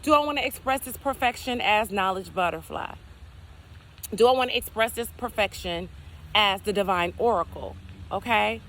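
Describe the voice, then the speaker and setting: A woman's voice: medium pitch, normal speed, fairly bright tone, slight background noise. A woman giving a casual spiritual talk outdoors, repeating affirmations and asking herself rhetorical what-if questions. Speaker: spiritual content creator. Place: outdoors, near geese and trees.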